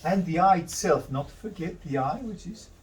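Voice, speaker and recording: A man's voice: fairly high pitch, lively intonation, moderate pace, darkish tone, distant mic, a little hiss or hum, rough recording. A man teaching a drawing demonstration, talking through each step and correcting himself as he goes. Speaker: art instructor.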